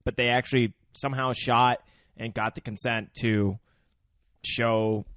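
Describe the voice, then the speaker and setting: A man's voice: medium pitch, fairly even intonation, a little slow, fairly bright tone, dry recording, studio quality. A man co-hosting a podcast, chatting casually and adding bits of trivia about a movie. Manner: adds trivia, loose and conversational. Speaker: podcast co-host. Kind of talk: casual chat.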